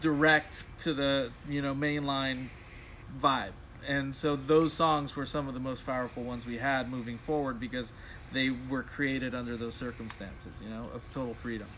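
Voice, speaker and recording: A man's voice: medium pitch, fairly even intonation, normal speed, a bit bright, a little hiss or hum. A man who is a studio musician and producer, talking in a laid-back, rambling way in a casual interview.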